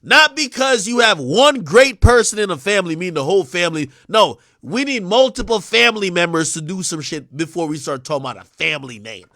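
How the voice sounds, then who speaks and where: Male streamer, young adult, high and very animated, rambling profane rants, dry mic. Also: fairly quick, few pauses, no echo. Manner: animated, swings from mumbling to shouting. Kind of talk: live-stream commentary.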